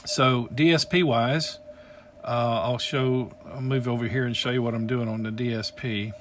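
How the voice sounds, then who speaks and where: A man's voice: medium pitch, steady tone, normal speed, slight background noise. A man with a Southern US accent, an amateur radio operator talking casually to viewers in a rambling way with plenty of fillers. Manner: drawling, folksy, addresses viewers as y'all; rambling with many fillers, drops quieter when explaining gear. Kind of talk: casual show-and-tell vlog.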